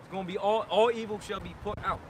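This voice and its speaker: A man's voice: high voice, fairly even intonation, fast talker, background noise. A man preaching emphatic warnings outdoors at a street camp. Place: outdoors on a city street with traffic.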